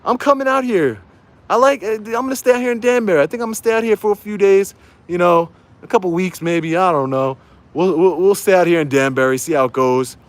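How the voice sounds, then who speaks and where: A man's voice: sits high, brisk. Fired-up man ranting on a livestream. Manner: heated, repetitive, rallying his viewers. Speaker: YouTube auditor livestreaming. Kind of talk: angry livestream rant.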